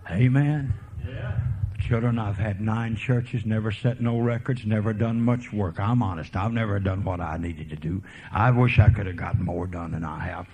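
A man preaching a revival sermon as a folksy evangelist, swinging from quiet murmurs to fervent preaching. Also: fairly low pitch, normal speed, slight background noise. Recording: tinny lo-fi sermon tape.

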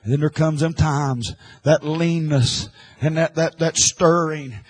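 A man preaching an impassioned sermon, swinging from hushed, quiet lines to loud, shouted ones. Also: on the high side, fairly even intonation, a little slow, slightly rough, rough recording.

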